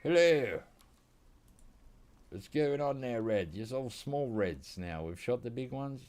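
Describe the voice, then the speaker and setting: A man's voice: medium pitch, unhurried, warm tone. An Australian man casually commenting on his hunting game, joking with chat and talking to the animals. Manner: joking, chatty, talks to the animals on screen. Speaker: gaming streamer.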